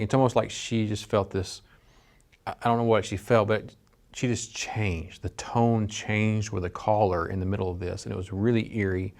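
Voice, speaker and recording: A man's voice: lowish voice, little pitch movement, fairly quick, gravelly. A middle-aged man giving a training lecture as a dispatch instructor, earnest and conversational with frequent restarts. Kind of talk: training lecture with personal story.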